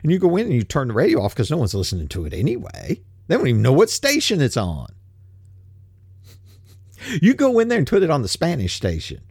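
A man's voice: a little high, wildly swooping pitch, a little fast, gravelly, a little mellow, breathy edge, no echo, studio quality. An older man, hosting a show and ranting in a blunt, folksy, profane way full of rhetorical questions. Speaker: podcast host. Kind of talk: casual rant.

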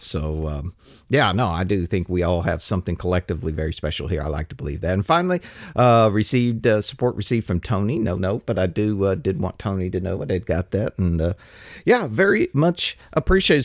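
A solo podcast host reads listener mail in a casual, rambling monologue, chuckling and restarting as he goes. His voice leans low, and the recording is dry, with clean studio sound.

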